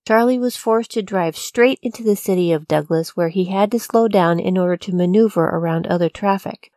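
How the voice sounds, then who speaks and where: A woman narrating a true-crime story from a script, in a measured, even storytelling delivery. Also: lowish voice, no echo, clean studio sound. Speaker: podcast narrator.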